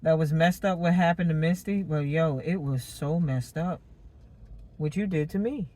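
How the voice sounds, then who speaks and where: A woman doing a casual tarot reading monologue, animated and slangy, laughing and cursing as she talks. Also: sits low, moderate pace, slight background noise. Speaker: tarot reader.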